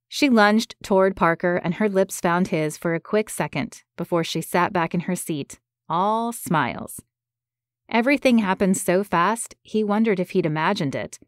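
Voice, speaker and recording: A woman giving scripted narration of a romance audiobook in a measured, gentle way. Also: lowish voice, no room sound, clean studio sound.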